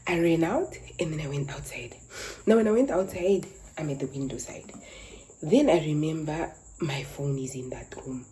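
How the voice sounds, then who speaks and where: Young woman, low mellow voice with a very lively pitch, for a dramatic casual storytime. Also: normal speed, slight background noise, poor audio. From Namibia. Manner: animated, dramatic retelling. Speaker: content creator.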